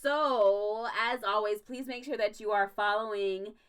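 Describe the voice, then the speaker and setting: A young adult woman hosts a casual livestream and rants hard. She swears for emphasis and breaks into laughter. Her voice sits at a middle pitch. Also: a little slow, fairly bright tone, clear, resonant tone. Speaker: stream host.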